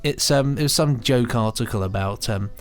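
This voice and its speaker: Male podcast co-host, easygoing and chuckling, mid-pitched voice. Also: moderate pace, faint music behind. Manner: easygoing, chuckling, reads aloud with relish. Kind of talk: casual chat.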